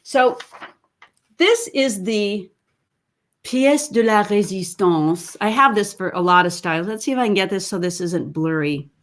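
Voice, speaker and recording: A woman's voice: mid-range voice, normal speed, fairly bright tone. A woman voice teacher giving an online webinar lesson over a computer mic, chatty and explaining as she goes. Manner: chatty, demonstrates sounds and sung snippets mid-explanation.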